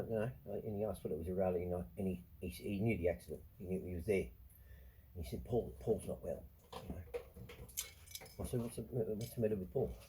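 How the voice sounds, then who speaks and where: Middle-aged aussie bloke swearing nonstop, rough husky voice, ranting. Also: male voice, lowish voice, mellow, low-quality recording. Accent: Australian. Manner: swears constantly, rants, quick to anger. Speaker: show host. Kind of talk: profane monologue.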